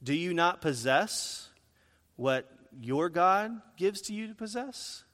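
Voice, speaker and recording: A preacher doing a defiant warrior-leader. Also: male voice, high voice, expressive, takes it slowly, long reverb tail, full character voice. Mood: mocking. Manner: forceful, slightly mocking. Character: bold biblical male warrior-leader, defiant.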